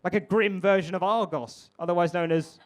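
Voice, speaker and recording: Here a young man in his 20s works a comedy club crowd from the stage, his stand-up loose, talkative, and heavy on profanity. He speaks briskly in a high voice with a steady tone.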